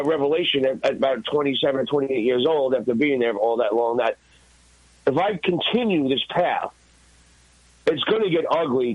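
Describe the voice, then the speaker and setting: A man, a guest and former radio intern, telling an animated, profane story in a podcast interview. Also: medium pitch, no echo, highs cut off. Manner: profane, excited, acts out his own shouts.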